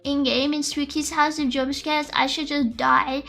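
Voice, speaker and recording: A young woman chats with her stream audience in a high, bright, sharp voice. She rambles and spirals into theatrical, exaggerated complaints. Faint lofi music plays quietly underneath. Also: flat delivery, measured pace, vocal fry. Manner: rambling, melodramatic ranting to chat. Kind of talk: casual livestream chat.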